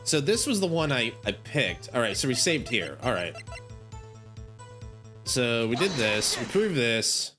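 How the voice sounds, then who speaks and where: A man's voice: medium pitch, big pitch swings, unhurried, sharp tone. A man streaming a courtroom game, thinking aloud in a rambling, casual way. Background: game music.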